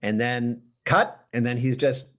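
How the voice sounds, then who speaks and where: A man's voice: medium pitch, unhurried. A man guesting on a podcast, chatting casually and telling self-deprecating stories with an American accent. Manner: animated, self-deprecating storyteller who acts out quotes. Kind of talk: casual interview chat.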